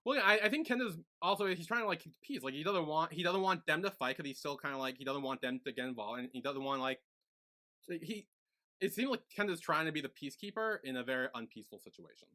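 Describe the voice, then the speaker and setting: A man's voice: fairly high pitch, lively intonation, quick pace, pushed and bright. A man co-hosting a podcast, casually recapping a series episode, rambling with many "like"s as he retells scenes. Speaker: podcast co-host.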